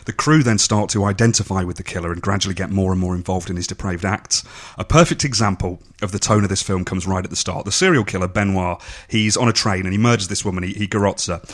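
A man's voice: sits low, fast talker, few pauses. A man in casual conversation, recounting film details in an informative way. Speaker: podcast co-host.

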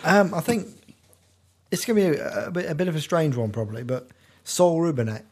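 A man co-hosting a podcast, speaking casually with halting, repeated starts. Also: fairly high pitch, big pitch swings, a little mellow, husky. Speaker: podcast co-host. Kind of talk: casual chat.

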